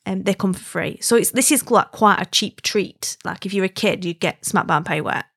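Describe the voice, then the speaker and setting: A married adult woman from Wigan in northern England tells a casual story in her Wigan accent, chatty and emphatic, often tossing in "right?". Her medium-pitched voice moves at a normal speed and is creaky and fairly bright, with a breathy edge. The studio recording is clean, with no room sound.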